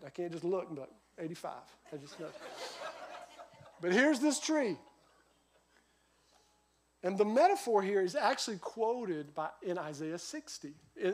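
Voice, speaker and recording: A middle-aged man preaching a sermon as a pastor, telling stories with a lively voice that rises and drops sharply. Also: high-pitched. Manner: lively storytelling, voice rising and dropping sharply.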